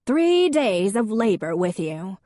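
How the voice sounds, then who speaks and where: A woman's voice: medium pitch, very animated, slow, warm tone, no room sound, studio quality, voice pushed up. A woman voicing an elderly, theatrical family grandmother in an audiobook. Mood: grand.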